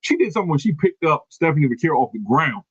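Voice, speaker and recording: A man's voice: fairly high pitch, big pitch swings, quick pace, breathy edge, no echo, lo-fi sound. A man hosting a podcast, recapping casually from his notes, rambling and correcting himself as he goes. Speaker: podcast host. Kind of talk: casual wrestling recap chat.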